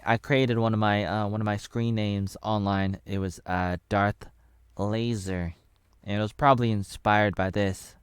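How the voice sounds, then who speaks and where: A man in his thirties chats through a movie review in a rambling, offhand way. His voice is smooth and resonant, and the recording is dry, with no room sound. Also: lowish voice, no room sound. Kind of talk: casual spoken movie review.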